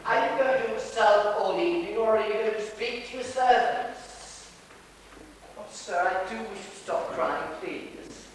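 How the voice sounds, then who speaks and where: A fussy, coaxing dresser. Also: male voice, sits high, expressive, unhurried. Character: fussy devoted male dresser, middle-aged, chatty. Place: theatre stage. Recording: distant, echoey hall with hiss.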